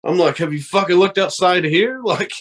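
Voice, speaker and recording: A man from the American South talks with a high, fairly quick voice as a podcast guest. His storytelling is casual and profane, and he animatedly acts out the voices of the people he quotes.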